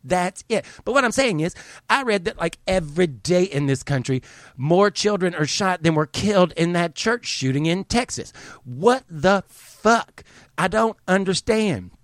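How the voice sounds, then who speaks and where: A man's voice: high-pitched, lively intonation, moderate pace, dry recording, clean studio sound. A man hosting a show, ranting in a heated, profane, exasperated way. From United States. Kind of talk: angry opinion rant.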